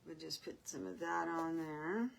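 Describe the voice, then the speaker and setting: Brief: older woman host, low voice, unhurried rambling craft-table chat, faint hiss behind. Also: level tone, gravelly. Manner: chatty, rambling, with soft laughs.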